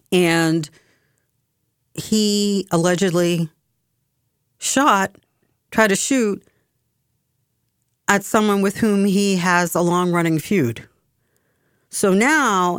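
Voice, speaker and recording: Slow, low-pitched exasperated woman commentator. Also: dry recording, clean studio sound. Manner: emphatic, exasperated, with frequent restarts. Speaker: political commentator. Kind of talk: political commentary monologue.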